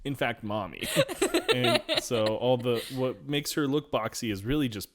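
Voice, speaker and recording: A man's voice: medium pitch, normal speed, slight background noise. A man co-hosting a podcast, recapping an episode in casual chat, laughing and acting out characters' lines. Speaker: podcast co-host.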